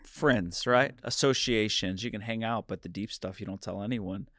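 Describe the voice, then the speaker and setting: A man's voice: on the low side, normal speed, a bit bright, no room sound. A man hosting a podcast, asking thoughtful questions in a casual interview. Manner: asks questions thoughtfully, affirming. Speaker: podcast host.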